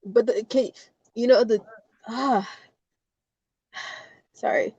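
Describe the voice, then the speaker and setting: A woman's voice: fairly high pitch, steady tone, slow pace, mellow, husky, no room sound. A woman guest crying and short of breath in a car, apologizing and laughing through her tears on a phone call. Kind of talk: emotional live-stream conversation. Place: inside a parked car.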